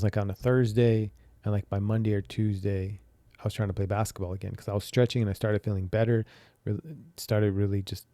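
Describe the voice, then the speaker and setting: A young man with a very dark, mellow voice pitched a bit low recounts a personal moment on a podcast. He talks candidly and rambles, with many fillers and restarts. The close mic gives a dry sound with no room. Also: no room sound. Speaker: podcast host. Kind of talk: personal reflective storytelling.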